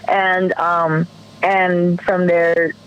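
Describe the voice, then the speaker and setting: A woman's voice: lowish voice, little pitch movement, drawn-out words, clean tone, lo-fi sound. A woman guest on a podcast telling a personal story in an earnest, emotional way, often restarting her sentences.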